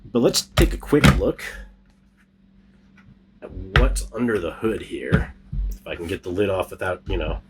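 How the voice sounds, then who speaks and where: A man's voice: low-pitched, expressive, unhurried, long pauses, heavy background noise. A man hosting a gardening channel, chatting upbeat and casual as he shows off his hydroponic harvest, with a joking, self-deprecating manner. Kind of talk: casual hands-on demonstration.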